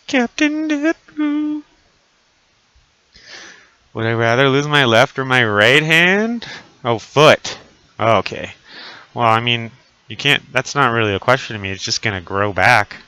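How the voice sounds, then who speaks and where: A man's voice: fairly low pitch, pushed and bright, smooth, no room sound. A man in his thirties chatting crudely and jokingly with viewers during a live stream, wearing a costume mask. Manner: crude, profane, joking banter. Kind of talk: casual live-stream chat. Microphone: desk mic, voice muffled little by a costume mask.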